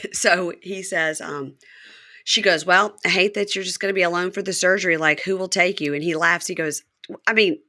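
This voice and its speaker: A woman hosting a podcast, chatting casually as she recaps a reality show and acts out the cast's lines in quick voices. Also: fairly low pitch, fairly even intonation, sharp tone, no echo, clean studio sound. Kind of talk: casual chat.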